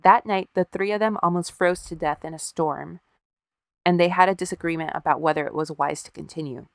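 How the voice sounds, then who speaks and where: A woman's voice: on the low side, brisk, vocal fry, no room sound, clean studio sound. A woman co-hosting a podcast, casually telling a story with wry, profane asides and acted-out quotes. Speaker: podcast co-host.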